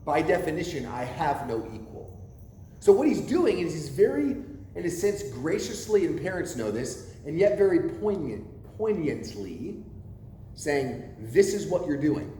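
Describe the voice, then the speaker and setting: A man preaches from the front of a church, his voice rising and falling in a lively way as he poses questions to the congregation. His tone is dark and mellow. The recording carries the long echo of a church hall, with a faint hiss underneath. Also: a little high, measured pace. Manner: animated, asks the congregation questions. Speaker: pastor. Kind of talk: sermon. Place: church sanctuary.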